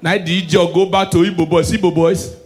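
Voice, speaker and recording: A young man with a Nigerian accent doing a loud, animated stand-up comedy set, switching between Pidgin and English. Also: sits high, a little fast.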